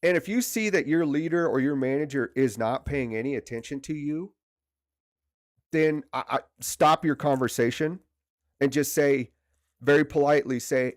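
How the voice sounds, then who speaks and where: A leadership coach with a stiff neck from sleeping badly runs a livestream leadership training session, talking conversationally and repeating words for emphasis. His voice sits on the high side at a normal pace, captured in a dry, studio-quality recording.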